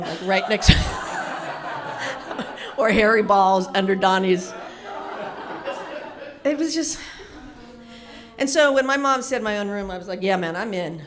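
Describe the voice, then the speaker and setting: A middle-aged woman telling a comedic personal story in an animated, lively way, swearing casually. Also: medium pitch.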